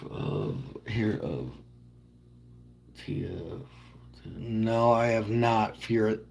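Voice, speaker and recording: A man's voice: lowish voice, drawn-out words, creaky, a little hiss or hum. A man in his thirties chatting casually with viewers on a livestream, rambling and joking as he answers their questions. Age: 30s.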